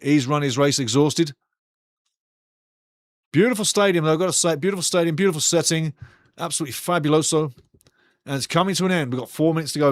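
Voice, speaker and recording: A man on the high side talks fast but leaves long pauses, recorded at studio quality with no room sound. As host of a live football watch-along, he rambles and banters with the chat while calling the play for viewers.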